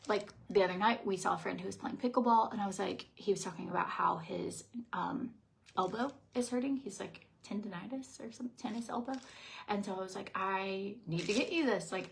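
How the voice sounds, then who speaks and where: A woman's voice: medium pitch, gravelly, a little hiss or hum. A woman vlogger in casual chat, chatty and laughing often.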